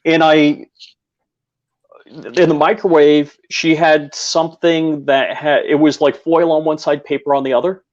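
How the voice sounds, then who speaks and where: A man's voice: on the high side, flat delivery, a little slow. Chatty man on dull lo-fi audio. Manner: chatty anecdotes, many fillers. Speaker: guest. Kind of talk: casual chat.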